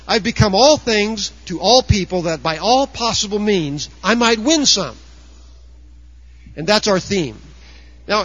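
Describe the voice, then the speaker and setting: A man's voice: high-pitched, a bit bright, highs cut off. A man preaching a sermon earnestly, raising his voice to act out quoted objectors. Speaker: pastor.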